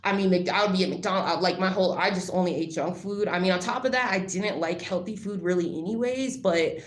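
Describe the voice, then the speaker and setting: A woman's voice: on the low side, a little fast. Rambling woman vlogger in an echoey room. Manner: rambling, filler-heavy with frequent "like"; blunt, swears freely. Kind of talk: casual storytelling to camera. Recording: roomy echo.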